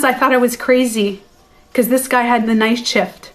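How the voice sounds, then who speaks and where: A woman talking to her followers on a phone livestream, her voice sitting a little high. She tells the story in a chatty, animated way, blunt and sometimes swearing. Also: moderate pace. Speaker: beauty and life coach.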